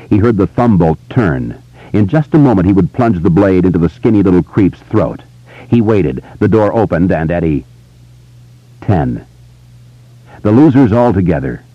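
A man narrating an audiobook in a measured, tense storytelling manner. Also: low-pitched, lively intonation, no echo, highs cut off. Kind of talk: scripted narration.

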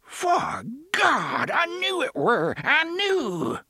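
A man voicing a grizzled, excitable old farmer with a thick rustic dialect and a cracked, wavering voice. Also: a little high, a little slow, dry recording, clean studio sound, voice pushed up, exaggerated voice. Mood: excited. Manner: gruff, blustering.

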